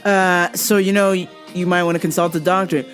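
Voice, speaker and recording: A woman's voice: lowish voice, fairly quick, soft background music. A woman hosting a podcast, telling a comic story about a customer in a loose, profane way. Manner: laughing, profane, animated storytelling. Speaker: podcast host.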